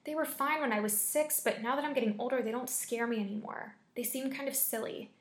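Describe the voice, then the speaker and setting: A skeptical ten-year-old boy, flat and unimpressed, brushes off a spooky tale, as a woman reads his lines. The voice sits a touch high and rings in a reverberant room. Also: a little fast, close to an everyday voice. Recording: echoey room.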